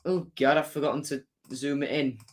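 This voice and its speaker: A man's voice: fairly high pitch, steady tone, fairly quick. A young man hosting a casual football livestream, chatting and reading out viewer comments with jokey asides. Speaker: football fan livestream host.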